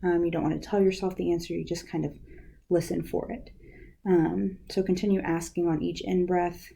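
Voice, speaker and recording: A young woman who works as a university outreach specialist gives a casual guided lesson on counseling skills. Her lowish voice has vocal fry and a breathy edge, and she moves at a moderate pace. She sounds relaxed, filling her speech with lots of "um" and "like."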